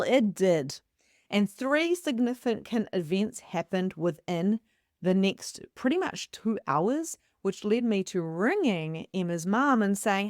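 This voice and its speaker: A woman with a New Zealand accent, a psychic medium hosting her own channel, telling a personal story with lively, animated delivery and acted-out quotes. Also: a little slow, no room sound, studio quality. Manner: expressive, acts out her own quoted lines with big pitch jumps.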